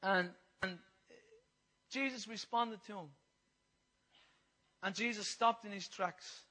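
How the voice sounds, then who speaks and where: Man, passionate preacher with a bright, ringing voice and lots of repetition. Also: high-pitched, slow pace, pauses often, poor audio. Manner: impassioned, repetitive, swings from loud to hushed. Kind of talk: sermon.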